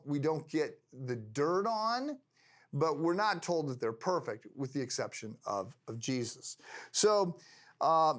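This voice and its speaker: An older man teaching a Bible lesson in a conversational, halting way, with frequent restarts. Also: fairly high pitch. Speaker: pastor.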